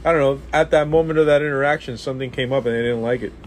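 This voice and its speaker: A man talking as a guest on a podcast, blunt and profane, with quick reactions. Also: medium pitch, a little hiss or hum. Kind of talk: casual profane chat.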